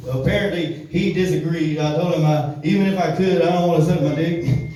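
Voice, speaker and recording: Man, stand-up comic, crude and cussing, mellow voice, echoey club from far off. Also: fairly high pitch, moderate pace. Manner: crude, loose storytelling with frequent cursing and laughing at his own jokes. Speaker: stand-up comedian. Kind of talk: stand-up comedy set. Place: comedy club room.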